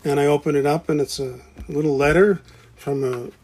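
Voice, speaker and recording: A man's voice: a little high, fairly even intonation, moderate pace, a little mellow, slightly rough. A man talking casually about founding a college, stopping and restarting often, repeating words as he goes. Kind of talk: casual conversation.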